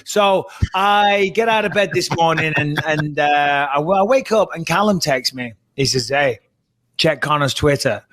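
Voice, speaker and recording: Guy on a podcast, blunt and sweary, highish voice, animated. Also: unhurried. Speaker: podcast co-host. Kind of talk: casual chat.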